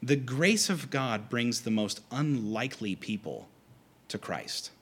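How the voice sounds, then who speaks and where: A man preaching a conversational sermon to a congregation, animated and acting out quoted lines. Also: mid-range voice, slow pace, slightly rough. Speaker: pastor.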